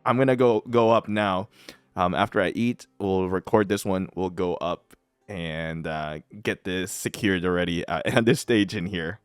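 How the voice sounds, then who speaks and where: A man's voice: sits low, moderate pace, smooth, no room sound, faint music behind. A man hosting a gaming channel, chatting casually as he plays and often breaking into laughter while repeating himself. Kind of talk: casual game commentary.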